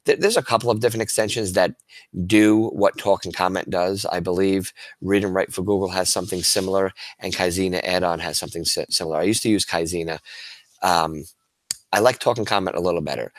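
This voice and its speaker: A man with a low, deep voice walks other teachers through a screen demo in a relaxed, enthusiastic way. He restarts words now and then and keeps it conversational. The recording is dry and close, with little room sound. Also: brisk, no echo. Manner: casual and enthusiastic, with frequent restarts and fillers. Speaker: teacher presenting to educators. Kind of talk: webinar presentation with screen demo.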